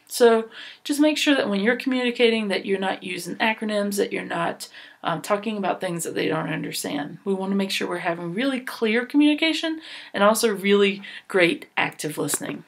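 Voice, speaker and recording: A woman's voice: mid-range voice, a little fast, gravelly. A woman presenting a training session for volunteers, earnest and instructive, with a few fillers and restarts.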